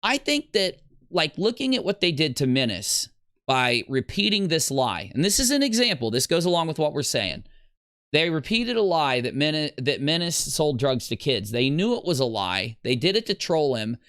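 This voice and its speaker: A man hosting a livestream, ranting casually in a rambling, animated way. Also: moderate pace, no room sound, clean studio sound. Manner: animated, rambling, breaks into high squeals. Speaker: livestream host.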